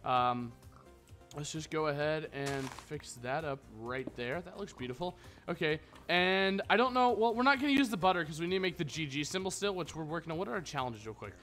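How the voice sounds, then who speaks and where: A young man providing casual commentary on his Minecraft let's play rambles and tosses out crude jokes as a gaming YouTuber, with music in the background. His voice is a little high and fairly bright, brisk, with lively intonation.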